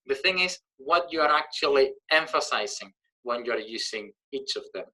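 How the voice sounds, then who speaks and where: A man's voice: medium pitch, animated, moderate pace, sharp tone, low-quality recording. A man explaining Spanish grammar in English as a teacher, thinking aloud with fillers and slipping Spanish words in.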